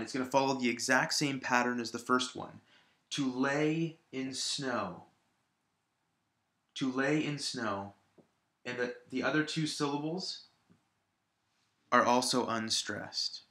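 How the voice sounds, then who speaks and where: A man's voice: mid-range voice, pushed and bright, roomy sound. A male teacher patiently explaining a lesson, repeating examples aloud to stress each syllable. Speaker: high school English teacher. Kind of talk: recorded video lesson.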